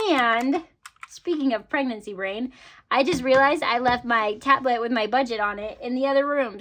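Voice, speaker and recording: A woman's voice: a little high, a bit bright, a little hiss or hum. A woman vlogger chatting casually to her viewers about her budget, upbeat, with frequent ums and laughs. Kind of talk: casual chat to camera.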